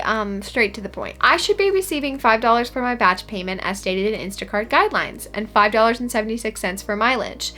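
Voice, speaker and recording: A woman's voice: on the high side, fairly bright tone. A woman vlogging casually about her shopper pay, reading out a support chat with sarcastic, dry humor. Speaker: gig delivery shopper and vlogger.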